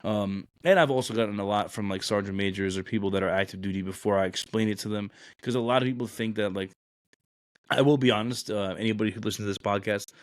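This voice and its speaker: A man's voice: on the low side, fast, no echo, studio quality. A man, a podcast host telling stories in a blunt, rambling way. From Brooklyn, New York. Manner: blunt, rambling, many "like" and "you know". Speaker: podcast host, Marine recruiter. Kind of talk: casual storytelling chat.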